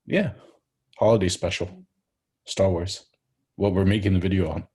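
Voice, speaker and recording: A man chatting casually, talking low and murmuring into a laptop microphone, with lots of fillers. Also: steady tone, normal speed, warm tone, breathy edge. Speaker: co-host. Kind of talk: casual chat.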